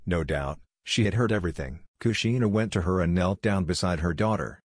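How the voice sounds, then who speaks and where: A man reading a fan fiction story aloud as narrator, at an even, steady pace. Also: sits low, moderate pace, hardly any pauses, husky, dry recording, studio quality.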